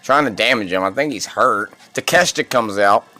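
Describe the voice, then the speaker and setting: Bright-voiced man rambling about wrestling. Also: fairly low pitch, brisk. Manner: rambling, excitable, swears freely. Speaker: wrestling podcast host. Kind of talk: casual live wrestling review chat.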